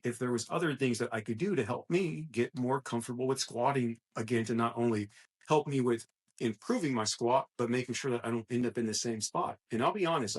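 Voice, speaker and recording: With a medium-pitched voice carrying a breathy edge, a man who coaches at a gym co-hosts a casual podcast. He's earnest and encouraging, and he often restarts what he's saying mid-thought.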